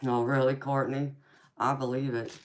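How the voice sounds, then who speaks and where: A woman's voice: rumbling low, little pitch movement, moderate pace, slight background noise. A woman with a thick Southern accent, chatting casually with viewers on a live stream as a tarot reader and calling them pet names like baby and darling. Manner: laughs often between remarks.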